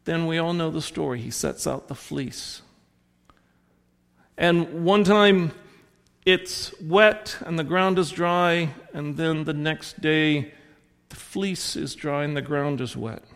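In a long, reverberant hall, a Southern-accented American pastor preaches slowly, his voice on the high side and lively in intonation. He's a rambling storyteller who corrects himself and starts over as he goes.

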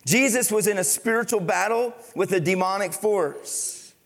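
High-voiced preacher in a reverberant hall. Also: male voice, normal speed, fairly bright tone. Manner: preaches with rising and dropping intensity, asks the congregation questions. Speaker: pastor. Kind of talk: sermon. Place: church sanctuary.

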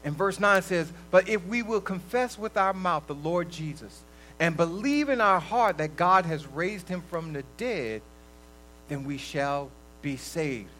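A man preaching a conversational sermon to a room and an online audience, swinging between loud bursts and soft drops. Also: high-pitched, lively intonation, unhurried, a little hiss or hum, low-quality recording. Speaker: lay preacher. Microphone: livestream recording.

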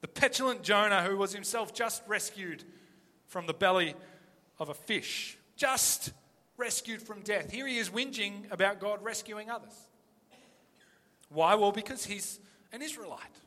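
A man preaching an animated, emphatic sermon full of rhetorical questions. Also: sits high, measured pace, in a large hall.

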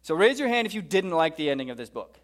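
A man preaching a sermon, reading scripture and telling a story with lively humor. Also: fairly high pitch, fast. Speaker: pastor.

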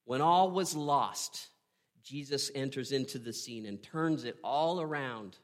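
A man preaching a sermon, retelling a story with earnest drama, pausing and asking "right?". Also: medium pitch. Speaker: pastor.

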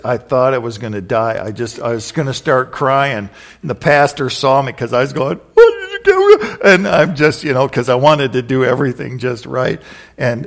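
A man preaching a casual, conversational sermon, repeating phrases and telling personal stories. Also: medium pitch. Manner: conversational, repeats phrases, acts out quoted voices.

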